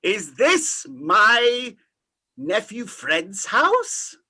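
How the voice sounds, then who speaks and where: A high, swooping, bright voice for a grumpy old miser, played by a man. He drags every word slowly and sounds bewildered and put upon. It is a loose, drunken stage comedy. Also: huge pitch swings, husky, heavily acted.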